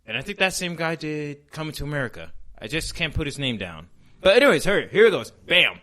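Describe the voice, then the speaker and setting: A man's voice: on the high side, big pitch swings, fairly quick, bright, forceful tone. A male podcast host in casual comedy chat. He rambles and stalls with filler words while searching for names. When he gets going he swears freely and rants. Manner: rambling, profane, with many ums and searching for names.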